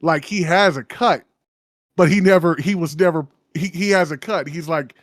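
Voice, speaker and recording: A man's voice: on the high side, normal speed, dry recording, clean studio sound. A man in his thirties co-hosting a podcast, telling a story casually, laughing often and acting out other people's lines. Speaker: podcast co-host.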